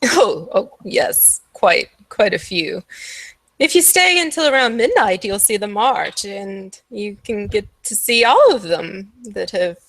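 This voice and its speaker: A woman's voice: medium pitch, expressive, measured pace, a bit bright, dry recording. A woman voicing a sweet-talking, sinister old woman who sells pastries, with a cooing, doting manner. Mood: chatty.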